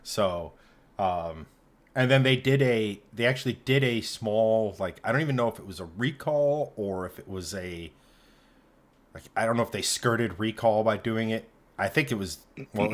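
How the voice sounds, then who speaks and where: Rambling sick man co-hosting a podcast. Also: on the low side. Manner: rambling, hesitant, lots of fillers and restarts, sudden quick bursts. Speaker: podcast co-host. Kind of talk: casual chat.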